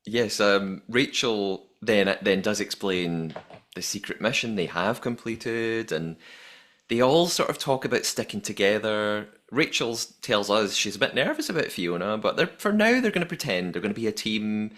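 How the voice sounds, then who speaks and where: A man's voice: on the low side, lively intonation, moderate pace, a bit bright. A man hosting a podcast, chatting casually and reading out listener messages. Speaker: podcast host. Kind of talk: casual recap chat.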